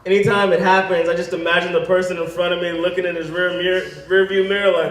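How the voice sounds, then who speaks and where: A man performing a stand-up comedy set. He delivers deadpan setups and then acts out other voices with animated energy. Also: high-pitched, fast talker, hardly any pauses. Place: comedy venue stage with audience. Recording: echoey room, mic from a distance.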